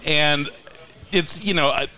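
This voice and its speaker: A man's voice: on the high side, takes it slowly, bright, forceful tone. A man who is a guest author, telling wry, mocking stories in casual podcast chat and laughing often. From Coachella Valley, California.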